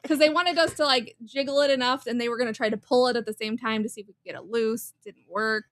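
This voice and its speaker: A woman's voice: a little high, steady tone, fast, fairly bright tone, dry recording. A woman co-hosting a live show, telling a story in brassy, self-mocking casual chat.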